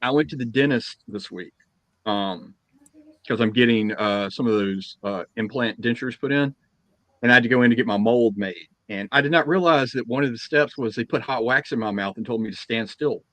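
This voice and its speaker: Animated man telling a story. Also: medium pitch, normal speed, no room sound, rough recording. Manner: animated anecdote-teller, chuckling through his story. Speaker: podcast co-host. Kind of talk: casual chat, storytelling.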